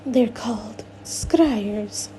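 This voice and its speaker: A woman reading a widowed shopkeeper in an audiobook, speaking quietly and firmly. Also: on the high side, extremely slow, a little hiss or hum, poor audio. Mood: insistent.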